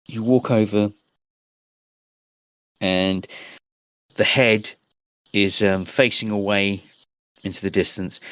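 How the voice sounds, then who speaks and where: A man's voice: fairly low pitch, pushed and bright, no room sound. A man narrating as game master over online voice chat, describing scenes in a rambling, hesitant way.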